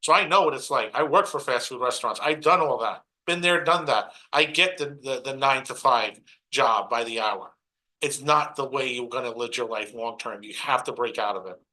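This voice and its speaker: Punchy, bright-voiced Brooklyn man preaching. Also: mid-range voice, moderate pace, low-quality recording. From Brooklyn, New York. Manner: preachy, punchy, mocks others in put-on asides. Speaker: motivational speaker. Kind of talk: motivational stage talk.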